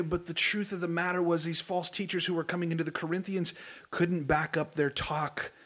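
A male pastor delivers a sermon in a lively, conversational style, slipping in humorous asides. His voice sits a little high for a man. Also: normal speed.

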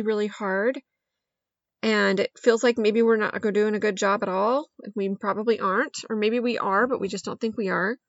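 A woman's voice: mid-range voice, creaky, no room sound, lo-fi sound. A woman hosting a podcast in an upbeat, chatty monologue that leans on lots of intensifiers. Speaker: podcast host.

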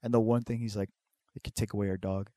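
A young man telling a story in casual chat, swearing a lot and acting out quotes with big jumps in pitch. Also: flat delivery, fast talker, mellow, no echo.

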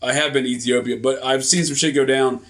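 A man's voice: mid-range voice, fairly even intonation, fast talker, fairly bright tone. A man co-hosting a podcast in casual chat, chiming in with laid-back, profane quips. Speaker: podcast co-host.

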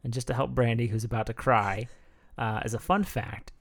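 A man's voice: mid-range voice, moderate pace. A man co-hosting a podcast, chatting casually and reading out facts with laughing asides. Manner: relaxed, chatty, reads facts aloud with asides. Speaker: podcast co-host. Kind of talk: casual chat.

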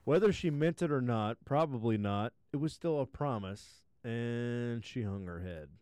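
A man's voice: mid-range voice, animated, unhurried, a little mellow, clean tone, no room sound. A man hosting a podcast, retelling a fairy tale with crude, profane asides. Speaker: podcast host, storyteller.

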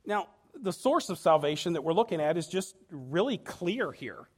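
Animated, high-voiced male preacher. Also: normal speed, husky. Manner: animated, emphatic preaching with acted quotes. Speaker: pastor. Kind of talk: sermon.

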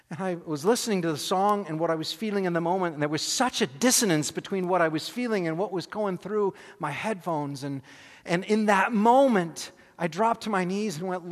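A man preaching, telling a personal story with animated, self-deprecating humor and acting out scenes. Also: high-pitched, a little fast, in a large hall. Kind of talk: sermon storytelling.

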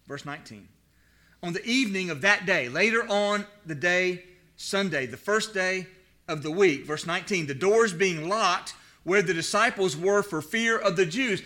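A male pastor preaching from the pulpit, his voice pitched high for a man. The tone is bright and ringing. He reads scripture aloud and keeps turning to his listeners with questions. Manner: preaching with rhetorical questions to the congregation. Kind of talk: sermon with scripture reading.

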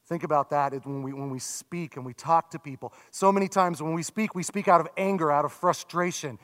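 A man in his thirties or forties, a pastor giving a sermon in a conversational, self-deprecating way with animated asides. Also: fairly high pitch, fairly quick. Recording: long reverb from a large hall.

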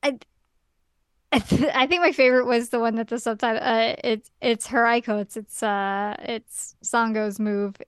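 A woman's voice: fairly high pitch, fairly even intonation, normal speed, clean tone, no room sound, clean studio sound. A young woman co-hosting a podcast, chatting casually with lots of fillers and amused asides. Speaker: podcast co-host. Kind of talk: casual recap chat.

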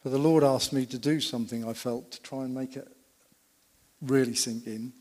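A man with a medium-pitched, slightly dark voice preaches a sermon in a church, keeping a steady tone and moderate pace. He tells stories emphatically and poses rhetorical questions to the congregation. The church hall gives the recording a long reverb.

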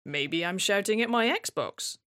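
A woman voicing a hostile male neighbour who flatly denies everything and then bursts into shouted abuse. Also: sits high, measured pace, clear, resonant tone, full character voice. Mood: sullen denial. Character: hostile male downstairs neighbour, bangs and swears.

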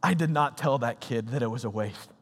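A man's voice: medium pitch, a little fast, breathy edge. A young man preaching a sermon in a casual, slangy, conversational way. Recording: reverberant hall.

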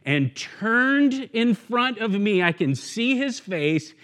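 A man preaching a sermon as a guest speaker, telling a story with acted-out voices and then moving into his message. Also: on the high side. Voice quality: bald. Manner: animated storyteller, acts out shouts. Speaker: guest preacher, church network director.

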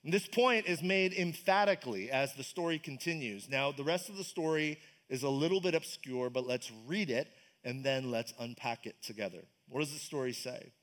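A man's voice: mid-range voice, normal speed, a bit bright. A man preaching a casual, enthusiastic sermon at a church service, asking the congregation questions. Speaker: pastor. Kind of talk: conversational sermon.

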